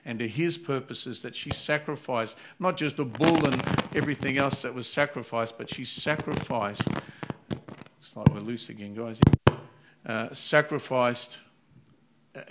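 A man's voice: medium pitch, a bit bright, slight background noise. A man preaching an earnest sermon, retelling a Bible story and acting out its voices. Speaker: pastor.

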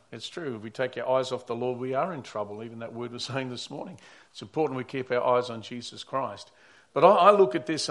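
A man preaching a Sunday sermon in a conversational way, swinging between loud emphatic lines and quiet asides. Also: mid-range voice. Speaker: pastor.

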